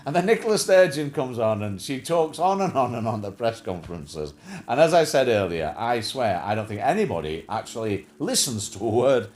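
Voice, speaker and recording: A man's voice: mid-range voice, sing-song, moderate pace, darkish tone. A man hosting a casual livestream chat show, rambling and joking with plenty of fillers and restarts.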